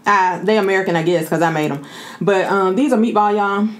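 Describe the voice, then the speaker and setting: A woman's voice: medium pitch, fairly quick. Chatty woman hosting an eating vlog. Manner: chatty, keeps calling viewers "y'all". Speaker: mukbang host. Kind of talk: casual eating vlog chat.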